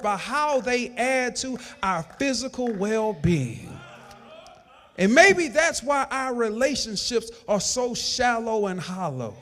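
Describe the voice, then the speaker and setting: A man preaching a sermon as pastor, with emphatic delivery that swells into shouted lines. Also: very high voice. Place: church sanctuary. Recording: long church hall reverb.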